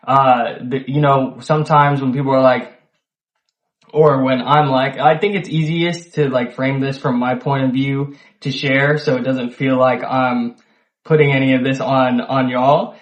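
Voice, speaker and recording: A man's voice: mid-range voice, fairly even intonation, unhurried, muffled recording. A man talking to camera in a loose, conversational monologue, full of fillers and the odd swear word. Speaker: solo video host. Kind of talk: casual reflective monologue. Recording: echoey room, poor mic.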